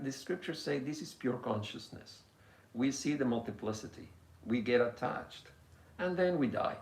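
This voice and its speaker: A male swami delivers a spiritual discourse, telling stories unhurriedly with pauses and restarts. His voice carries a gravelly edge, and the sound rings in an echoey room. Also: medium pitch. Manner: gentle storytelling with pauses and restarts.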